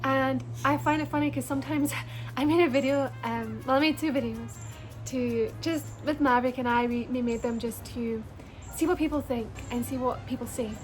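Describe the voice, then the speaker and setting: A woman's voice: high voice, fairly even intonation, moderate pace, faint music behind. A woman from Scotland with a Scottish accent, talking casually and earnestly to her viewers in a personal vlog. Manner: bubbly and earnest, addresses viewers as "you guys". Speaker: beauty vlogger.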